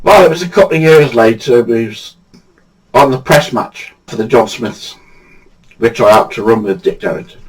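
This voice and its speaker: In a low-quality recording, an older man from Badsey, England, speaks at a moderate pace in a slightly rough mid-range voice. He casually tells amusing true stories, chuckling at them himself.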